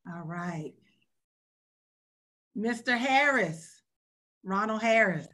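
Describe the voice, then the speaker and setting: A woman's voice: medium pitch, lively intonation, very slow, a bit bright. A woman radio host, hosting a video call in a heartfelt, earnest way. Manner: heartfelt, earnest, near tears at times.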